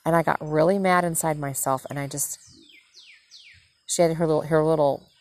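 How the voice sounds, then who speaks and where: A woman's voice: low voice, normal speed. A woman from the northern United States hosting a podcast, rambling through a casual story and correcting herself as she goes. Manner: rambling, self-correcting, animated retelling. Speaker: podcast host and mother.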